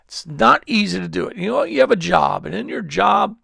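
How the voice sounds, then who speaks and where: A male pastor preaches in a lively, swooping voice with a heavy gravelly rasp. He rambles through stories, restarting his sentences again and again. The recording is dry and close, with little room sound. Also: sits high, a little fast, no echo. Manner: rambling storytelling with many restarts. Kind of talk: sermon. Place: church service.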